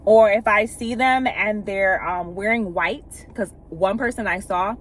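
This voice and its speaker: A woman's voice: medium pitch, measured pace. A woman with a mid-range voice talks frankly and emphatically, dropping the odd curse word. She slips into the voices of the people in her stories. A faint hum of a vehicle sits behind her. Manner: candid and emphatic, with casual profanity; retells scenes by acting out quoted speech. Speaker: vlogger sharing spiritual experiences. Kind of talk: casual storytelling monologue.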